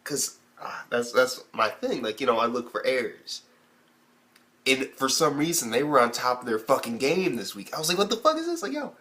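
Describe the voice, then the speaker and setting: Young male anime reviewer, casual and foul-mouthed, animated, leaps into high-pitched reactions. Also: normal speed. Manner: animated, heavy swearing, acts out characters in high squeaky bursts. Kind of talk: casual profane video review.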